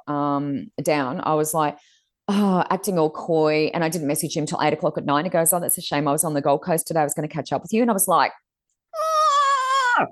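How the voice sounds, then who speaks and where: Low-voiced Australian woman, lively storyteller. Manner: animated storytelling, voices others with big pitch jumps. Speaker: co-host. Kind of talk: casual chat.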